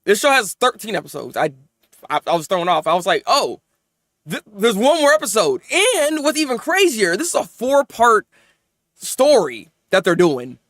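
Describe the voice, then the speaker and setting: A man reviewing anime episodes in casual, animated chat, venting and rambling as he goes. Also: high-pitched, no echo, studio quality. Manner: animated, rambling, quick to vent.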